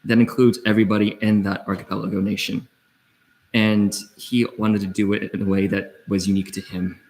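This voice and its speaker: A young man speaking as a student senator in debate, earnest and halting with restarts. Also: lowish voice, flat delivery, a little mellow, slight background noise, rough recording. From part Filipino. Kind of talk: speech in debate.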